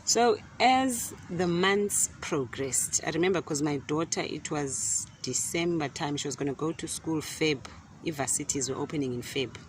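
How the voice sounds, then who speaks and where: A middle-aged woman telling a casual story in an animated way, often repeating words and laughing. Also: deep voice, normal speed, slight background noise. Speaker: gardening vlogger. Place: outdoor garden.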